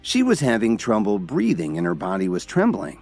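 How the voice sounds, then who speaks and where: Deep voiced guy reading a drama story, lively ups and downs, quiet music in back. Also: moderate pace, vocal fry. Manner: dramatic storytelling, all voices by one reader. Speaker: narrator. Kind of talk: scripted story narration.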